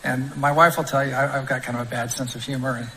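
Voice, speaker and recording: A man's voice: medium pitch, level tone, fast, sharp tone, long reverb tail, a little hiss or hum, low-quality recording. A man recounting a story from a speech, with frequent restarts, played as a recorded clip. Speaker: former government official. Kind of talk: anecdote at a speech.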